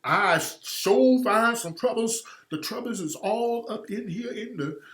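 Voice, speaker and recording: A man mimicking an old woman in a slow, exaggerated, drawn-out caricature voice. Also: high-pitched, a bit bright. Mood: mocking. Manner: slow, drawn-out, overdone dialect. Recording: roomy echo.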